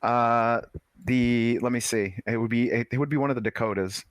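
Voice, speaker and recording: A man co-hosting a podcast, trading playful banter in casual chat and laughing quickly. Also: medium pitch, clean tone, no echo. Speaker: podcast co-host.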